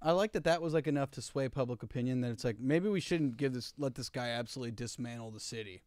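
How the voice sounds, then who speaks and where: A man's voice: mid-range voice, quick pace, no echo, studio quality. A man, a guest on a podcast, joking around in casual chat. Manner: joking, animated.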